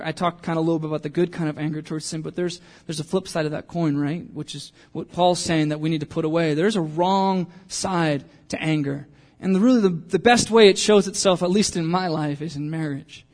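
A man's voice: a little high, darkish tone. A young adult man preaching a conversational sermon, joking with the congregation and poking fun at himself. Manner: conversational and self-deprecating, jokes with the congregation. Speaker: pastor.

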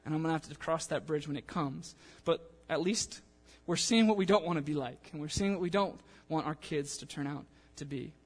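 A young man preaching a sermon in a church in a casual, animated way, acting out the people he quotes. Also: on the high side, a little fast, hardly any pauses, husky. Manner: animated, conversational, acts out quotes. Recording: long church-hall reverb.

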